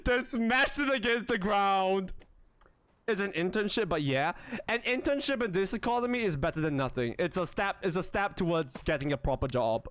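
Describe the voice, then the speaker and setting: Young man streamer, casual chat, wildly swooping pitch, rambly, excitable. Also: normal speed, clean tone, no room sound. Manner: excitable and animated, laughs often, squeals; rambling with many restarts. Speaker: livestreamer.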